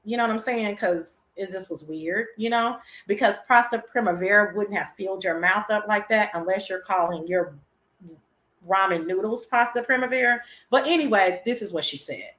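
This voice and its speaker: A woman hosting her own show, telling gossip in a casual, animated, profane and sassy way. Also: mid-range voice, normal speed, echoey room. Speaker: show host.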